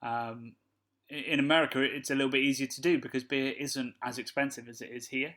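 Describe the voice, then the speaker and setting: A man's voice: medium pitch, fairly quick. Jokey man hosting a podcast. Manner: relaxed, jokey, laughs easily. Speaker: podcast co-host. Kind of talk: casual chat.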